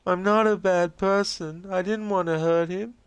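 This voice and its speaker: A fragile, dazed young waitress, as a man reads her part aloud, sobbing through slow, broken sentences. Her voice sits high and trembles while she pleads. It comes across smooth and close, with no room sound. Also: dry recording, natural voice. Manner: halting, tearful, slow and pleading. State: crying. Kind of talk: reading game transcripts aloud with voices.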